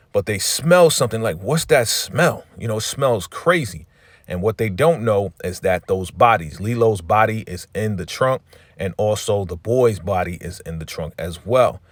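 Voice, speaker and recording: A man's voice: fairly low pitch, no echo. A man casually retelling a drama episode as a recap host, loosely quoting the characters in his own voice and dropping many fillers.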